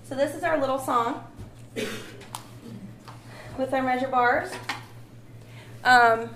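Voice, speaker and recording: A woman's voice: sits high, slow, a bit bright. A woman teaching a music lesson, patient and encouraging, sometimes singing short phrases to demonstrate. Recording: echoey room with faint ambient noise.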